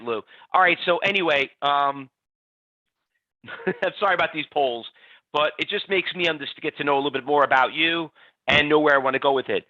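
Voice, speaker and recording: A man with a bright, slightly raised voice runs a live trading class online, chatty and energetic. His audio is dry and close, with a dull, somewhat lo-fi webinar sound. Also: fairly high pitch, dry recording. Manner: energetic, reads out audience poll answers by name. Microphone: computer mic on a webinar stream.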